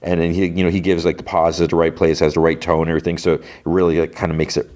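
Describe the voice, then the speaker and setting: A man's voice: deep voice, little pitch movement, fast talker, a little mellow. A man hosting a podcast, chattily retelling a show's scenes in a casual recap. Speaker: podcast host.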